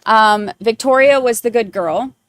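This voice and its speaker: Woman podcast host rambling thru true crime chat, kinda high voice, dry sound. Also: measured pace, no echo. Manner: chatty, rambling, lots of fillers. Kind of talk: casual chat.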